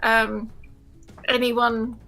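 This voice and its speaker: A woman speaks as a player at a tabletop game in a dry, matter-of-fact way. Her voice is bright with a gravelly edge, and faint music plays behind her. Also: a little high, level tone, drawn-out words.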